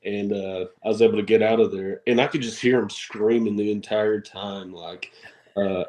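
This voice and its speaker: A man, a wrestler guest on a podcast, telling stories in an animated way, acting out quotes and laughing often. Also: on the low side, normal speed, rough recording. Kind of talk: casual storytelling interview.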